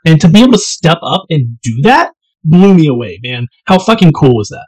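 A man co-hosting a casual podcast over whiskey, telling stories in a relaxed way and saying "man" often. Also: fairly high pitch, moderate pace, no room sound, poor audio. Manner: relaxed storyteller, laid-back, says "man" a lot. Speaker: podcast co-host.

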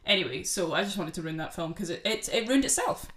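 A young woman, her voice sitting a little low. She talks as a laid-back podcast co-host, chatty and sweary, mocking a film as she tells its plot. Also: animated, fast talker, a bit bright. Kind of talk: casual chat.

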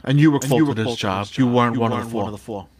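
A man's voice: medium pitch, very fast, crowd noise. A man who once worked as a police officer, telling stories casually on a podcast in a laid-back way, swearing and repeating himself.

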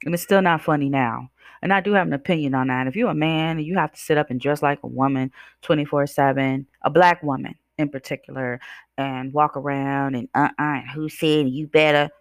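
A woman's voice: low voice, fairly even intonation, brisk, no room sound, clean studio sound. A woman hosting her own podcast as a life coach, speaking emphatically and preaching directly to her listeners. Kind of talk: podcast monologue.

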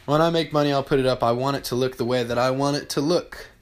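A man talks alone on his podcast in a blunt, profane way, hammering the same point several times. He clears his throat often between thoughts. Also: medium pitch, fairly even intonation, quick pace. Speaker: podcast host. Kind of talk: solo podcast monologue.

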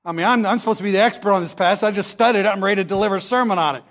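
A man with a high voice preaches a sermon with real passion. He reads scripture slowly and dramatically, then speeds up as he teaches and tells stories. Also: a bit bright. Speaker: pastor.

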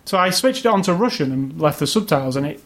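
Chatty opinionated man, fairly high voice. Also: lively intonation, quick pace. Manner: chatty, opinionated, rambling with restarts. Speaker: podcast co-host reviewing games. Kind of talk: casual chat.

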